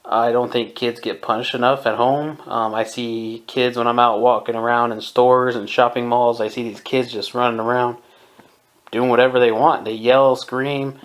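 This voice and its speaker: A man's voice: medium pitch, little pitch movement, moderate pace. A man in his twenties from Southern California, giving his opinions in a casual podcast monologue and chuckling often. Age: 20s. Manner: opinionated, chuckles often, mimics people in quotes. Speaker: podcast host.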